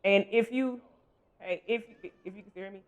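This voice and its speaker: A man's voice: sits high, moderate pace, clear, resonant tone. A man streaming a role-playing game, rambling and joking while he chats with his viewers. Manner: rambling and joking, talks to chat. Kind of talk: casual gaming livestream commentary.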